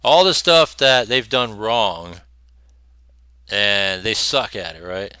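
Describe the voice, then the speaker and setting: A man's voice: fairly low pitch, slow, bright, forceful tone, smooth, no room sound. Blunt, cursing male commentator. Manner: blunt, profane, laughing scornfully. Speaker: host. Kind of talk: opinionated commentary over clips.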